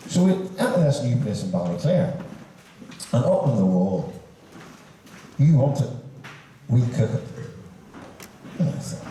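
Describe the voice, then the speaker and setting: Older man, stand-up joke teller, lively swinging delivery, mellow tone, faint room noise. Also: fairly quick. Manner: animated, swings pitch for each character in the joke. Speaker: comic storyteller at a band concert. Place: large hall at a concert, live audience. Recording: echoey hall from far off.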